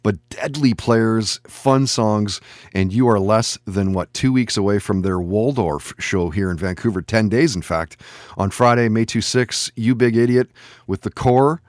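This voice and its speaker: Man, podcast host, low voice, dry sound, conversational plugs. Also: a little slow, no room sound. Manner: upbeat, conversational announcer. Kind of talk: scripted show plugs and guest introductions.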